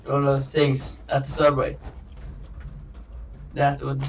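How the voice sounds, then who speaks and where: A man's voice: medium pitch, completely flat delivery, takes it slowly, creaky. A man casually commentating his own gameplay, rambling and joking, trailing off and restarting as he goes. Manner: rambling and jokey, trails off and restarts, chuckles often. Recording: dull distant mic with faint hiss.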